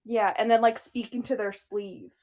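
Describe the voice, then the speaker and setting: A young adult woman co-hosting a podcast, chatting casually with playful, excitable storytelling. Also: medium pitch, normal speed. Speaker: podcast co-host. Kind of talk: casual chat.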